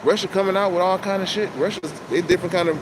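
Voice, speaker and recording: A man talking to camera in a casual, rambling monologue, animated and full of profane street slang, outdoors. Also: high voice, very fast. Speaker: channel host. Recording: loud outdoor traffic noise.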